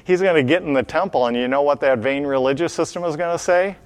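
A man preaching a Bible teaching sermon, emphatic, asking his listeners questions and slowing down, dropping low on key phrases. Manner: addresses listeners with questions and a quiz.

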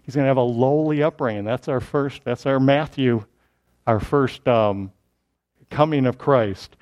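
A man giving a Bible lesson, explaining in an animated way with frequent restarts. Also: medium pitch, measured pace. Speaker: Bible teacher. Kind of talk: scripture lesson.

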